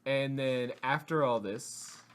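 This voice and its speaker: A man's voice: medium pitch, slow, fairly bright tone, clear, resonant tone. A man co-hosting a podcast, animatedly retelling movie scenes and acting out the characters' lines. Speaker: podcast co-host. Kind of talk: casual movie discussion.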